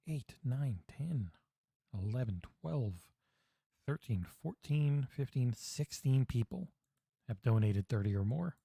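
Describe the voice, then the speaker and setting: A man streaming a game for charity on a headset mic, chatting excitedly with viewers and swearing freely. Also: medium pitch, slow pace, creaky, slightly rough, no room sound. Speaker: charity livestream gamer. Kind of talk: casual game-stream commentary. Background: game music.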